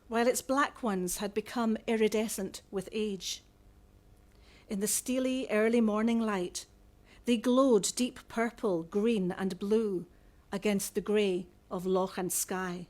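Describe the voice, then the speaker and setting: Una autora que lee en voz alta su novela juvenil, con un tono pausado y narrativo. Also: female voice, mid-range voice, darkish tone. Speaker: author. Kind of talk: reading aloud from a novel.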